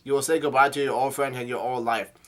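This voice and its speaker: A man's voice: medium pitch, fairly even intonation, fast talker, close to an everyday voice. A man reading the lines of a stern older king and father, in a cold, commanding, lecturing manner.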